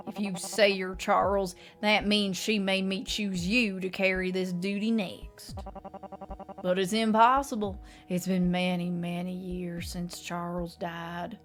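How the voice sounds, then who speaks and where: A woman's voice: mid-range voice, close to an everyday voice. Woman playing a haunted, guilt-ridden old father. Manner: put-on accent, anguished and fearful.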